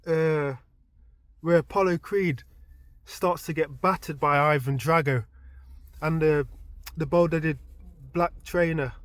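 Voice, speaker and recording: A man, recounting a dream in a casual storytelling vlog, his voice climbing high and loud as he gets excited. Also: no room sound.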